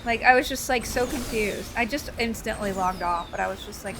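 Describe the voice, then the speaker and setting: A woman in her forties chatting excitedly while playing a game live, with loud exclamations. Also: mid-range voice, a little fast, over music. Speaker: streamer. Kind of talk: live gameplay commentary.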